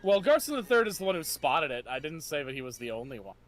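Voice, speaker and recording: A man narrating as game master of a tabletop game, halting with many restarts and laughing often. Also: a little high, very animated, faint music behind.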